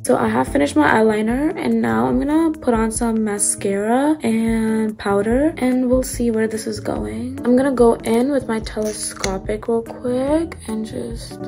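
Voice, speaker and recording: Young woman, beauty vlogger, casual chat, fillers, vocal fry, faint background music. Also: fairly high pitch, measured pace, hardly any pauses. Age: young adult. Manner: chatty, filler-heavy, upbeat. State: slightly losing her voice. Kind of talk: casual get-ready-with-me chat.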